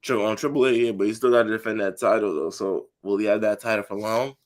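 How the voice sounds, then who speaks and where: A man's voice: fairly low pitch, fast talker. A man co-hosting a podcast, casual chat that turns into heated, profane ranting. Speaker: podcast co-host.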